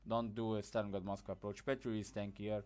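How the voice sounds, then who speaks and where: A man's voice: lowish voice, flat delivery, quick pace, darkish tone. A man giving a casual, blunt gameplay tutorial, sleepy after just waking up, rambling with plenty of fillers. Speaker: gaming guide creator.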